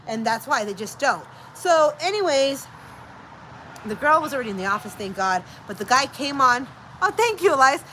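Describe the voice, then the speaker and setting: A middle-aged woman hosts a casual chat, telling a story in an animated way, acting out the voices of its characters and slipping in bits of Spanish. Her voice is high-pitched and moderately paced, and the rough recording carries a little hiss or hum.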